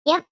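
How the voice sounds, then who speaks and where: A woman's voice: pushed and bright, no echo. A woman with a Michigan accent hosting a casual live game stream, rambling and answering chat as she plays. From Michigan, USA.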